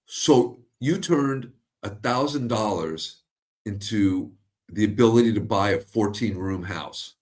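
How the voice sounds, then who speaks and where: A man hosts a casual interview, asking questions and reacting with open enthusiasm. His voice sits a little low for a man. His talk is blunt and unpolished, with the odd casual swear. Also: takes it slowly, darkish tone. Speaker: interview host.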